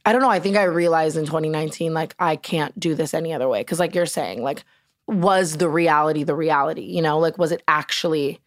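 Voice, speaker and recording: Young woman guest; very low pitch, dry close sound, chatty, filler-heavy casual talk. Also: fairly quick, no room sound. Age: young adult. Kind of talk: casual podcast conversation. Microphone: close podcast mic.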